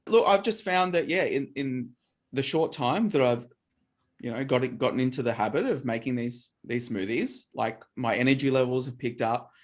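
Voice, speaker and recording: Man, mid-pitched, casual co-host who rambles and restarts his sentences. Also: normal speed. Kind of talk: casual health chat.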